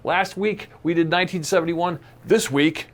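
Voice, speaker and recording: A man's voice: sits high, normal speed. A man hosting a podcast in casual chat, jokey and rambling, laughing often. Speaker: podcast host.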